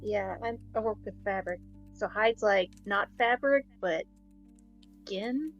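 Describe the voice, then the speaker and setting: A woman at a role-play table works through what her character will do next, stopping to restart with plenty of "like". Her voice sits at an ordinary pitch. The mic makes her sound dull and muffled, with faint music behind. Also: slow pace. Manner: hesitant, full of "like" and restarts. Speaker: player.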